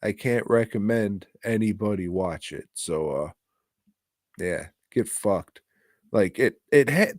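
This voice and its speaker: Slow-talking, profane podcast co-host man. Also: medium pitch, animated, dry recording, studio quality. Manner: rambling, profane and exasperated. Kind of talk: casual movie review chat.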